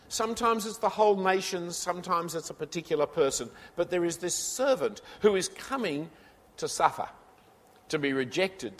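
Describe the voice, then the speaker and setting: Preacher with a lively, emphatic sermon voice. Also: male voice, fairly high pitch. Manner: emphatic, building to forceful climaxes; addresses listeners directly with rhetorical questions. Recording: long hall reverb.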